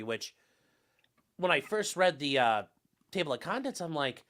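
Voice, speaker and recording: Animated, bright-voiced man talking law. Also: on the high side. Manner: animated, joking, quick restarts. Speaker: lawyer panelist. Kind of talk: casual panel discussion.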